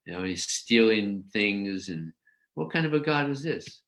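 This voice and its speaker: A man's voice: on the low side, lively intonation, unhurried, a bit bright. A man voicing a scornful skeptic who mockingly questions a god in a raised voice, in a religious talk.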